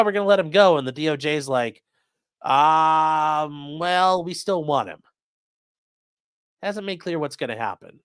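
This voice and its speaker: A man's voice: mid-range voice, fairly bright tone, smooth, dry recording, studio quality. A man hosting a crime news livestream, talking casually and bluntly, swearing now and then and reading viewer comments aloud. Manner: blunt, profane, reads chat aloud. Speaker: livestream host.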